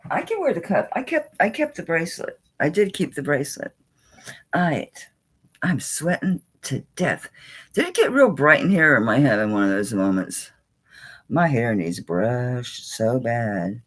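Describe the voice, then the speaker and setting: A woman's voice: extremely low pitch, sing-song, measured pace, slightly rough, poor audio. A woman, chatting casually and folksily as she sells jewelry on a live stream.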